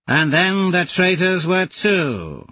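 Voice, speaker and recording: A fierce warrior woman, as a male narrator puts her on, calling out taunts in a raised, loud voice. Her voice sits well above the narrator's own and carries a slightly husky grain. The sound is dull and dry. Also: sits high, big pitch swings, takes it slowly, no echo, pitched above the performer's own voice, exaggerated voice. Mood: taunting. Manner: loud, challenging calls.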